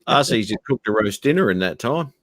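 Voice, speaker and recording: A man's voice: mid-range voice, lively intonation, a little fast, a bit bright, no echo, studio quality. A man joking in a casual chat, stumbling over his first words.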